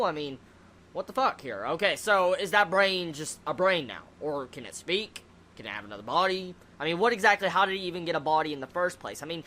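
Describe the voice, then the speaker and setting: A manga reviewer in a loose, unscripted rant, voice pitched in an ordinary middle range. They speak bluntly, curse often and pile up rhetorical questions, stumbling into restarts as they go. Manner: blunt, swears freely, animated. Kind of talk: casual chapter review rant.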